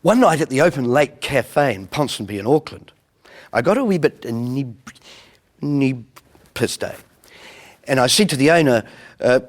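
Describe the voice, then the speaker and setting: A man with a New Zealand accent who tells stories about his comedy career and slips into animated joke voices. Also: medium pitch, normal speed, long pauses. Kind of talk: storytelling with acted jokes.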